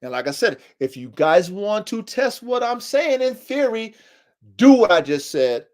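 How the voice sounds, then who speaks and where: Emphatic high-voiced man lecturing. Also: very animated, a little slow, a little mellow. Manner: emphatic, preachy, repetitive lecturing with casual slang. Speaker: podcast host. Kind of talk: livestream podcast monologue.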